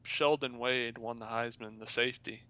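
A man's voice: mid-range voice, steady tone, moderate pace, bright, forceful tone. A man in casual chat, telling stories in a laid-back, offhand way.

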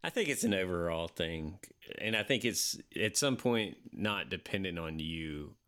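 A man talking casually in a measured, reflective way about parenting. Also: deep voice, expressive, fairly bright tone. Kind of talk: casual chat.

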